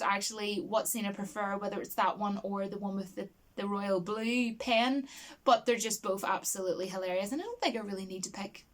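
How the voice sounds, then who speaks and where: Chatty, rambling woman reviewing a film. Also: medium pitch. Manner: chatty and rambling, with frequent restarts and fillers; enthusiastic and expressive, laughs easily. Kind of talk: casual film review chat.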